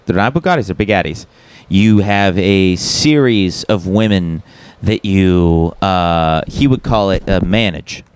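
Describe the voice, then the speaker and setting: A man with a fairly low voice co-hosting a casual comedy podcast. He rambles loosely, drops curse words and laughs a lot as he talks. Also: measured pace, smooth. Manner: rambling, swearing, frequent laughter. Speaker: podcast co-host.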